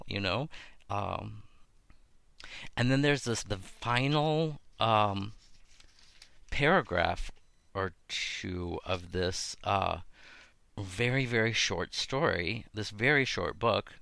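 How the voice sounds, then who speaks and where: A man with a low, gravelly voice hosts a casual podcast, thinking aloud with plenty of fillers and restarts. The recording is dry and close, with no room sound. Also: sharp tone, no echo. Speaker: podcast host. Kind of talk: casual talk on biblical texts.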